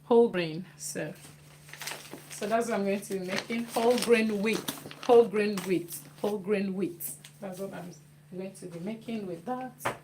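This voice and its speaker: A woman talks slowly and casually as she cooks, repeating words while she works. Her voice sits at an ordinary middle pitch. The kitchen recording is noisy, with clicks in the background. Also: fairly even intonation, darkish tone. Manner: chatty, repeats phrases while working. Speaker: cooking vlogger. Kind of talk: casual cooking demonstration. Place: home kitchen.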